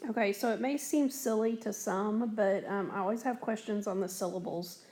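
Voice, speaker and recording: A woman's voice: mid-range voice, normal speed, dark tone. A woman teacher explaining a lesson on a recorded whiteboard in a patient, step-by-step way, with frequent fillers. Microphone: tablet recording.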